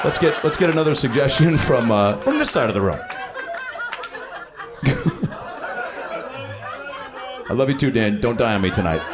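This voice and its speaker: A man in his late thirties riffs through improvised stand-up on a comedy club stage, swearing loosely and swinging his pitch widely as he acts out quotes. A loud, laughing crowd fills the live recording. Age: 30s. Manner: loose, profane storytelling with lively voiced quotes. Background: audience laughing.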